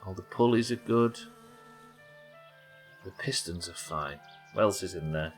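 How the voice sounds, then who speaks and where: A man's voice: low-pitched, measured pace, faint music behind. A man from England, streaming a game live and thinking aloud as he chats with viewers. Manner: muttering to himself, thinking aloud. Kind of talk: live gameplay commentary.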